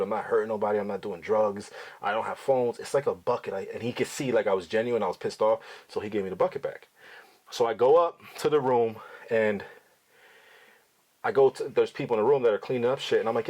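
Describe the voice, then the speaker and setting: A middle-aged man tells stories in a blunt, outspoken way, swearing freely as he goes. He talks quickly, and his voice sits somewhat low with a husky edge. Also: a little mellow. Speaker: podcast host, father. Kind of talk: casual storytelling to his son.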